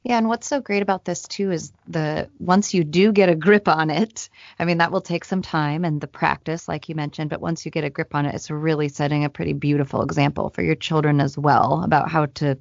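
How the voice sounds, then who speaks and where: A woman's voice: sits low, steady tone, a little fast, creaky, few pauses, no room sound, lo-fi sound. A woman co-hosting a parenting podcast, asking her guest questions in an appreciative way. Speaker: podcast co-host. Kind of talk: interview questions.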